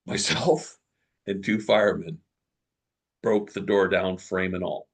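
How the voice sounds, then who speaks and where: A middle-aged man's low, husky voice with a gravelly edge. He tells his story as an interview guest, lively and animated, stumbling into quick restarts as he goes.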